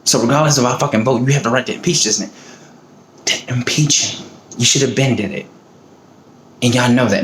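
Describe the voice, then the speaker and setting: A man's voice: mid-range voice, fairly even intonation, normal speed, pauses often, a bit bright, slight background noise. A man on his own video giving a heated, profane, emotional rant about politics. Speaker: vlogger. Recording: roomy echo, faint ambience.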